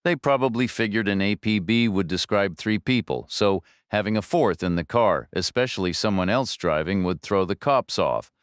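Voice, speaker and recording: A man's voice: lowish voice, normal speed, hardly any pauses, clear, resonant tone, no room sound, studio quality, natural voice. A man voicing a stoic, unflappable drifter who talks in clipped, matter-of-fact sentences in an audiobook. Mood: flat, terse.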